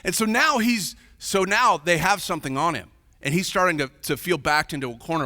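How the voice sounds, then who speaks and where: A man preaches from the pulpit in a lively storytelling sermon, slipping into the voices of the people he quotes. His voice is bright and forceful, sitting a bit high for a man. The sound rings out with a long reverb from a big church hall. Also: a little fast. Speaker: pastor.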